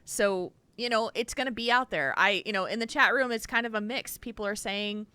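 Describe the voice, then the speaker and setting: Bright, earnest woman podcast co-host. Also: mid-range voice, fairly quick, clean tone, dry recording. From Wisconsin, US. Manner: earnest, advice-giving, with frequent you-knows. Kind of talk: casual podcast chat.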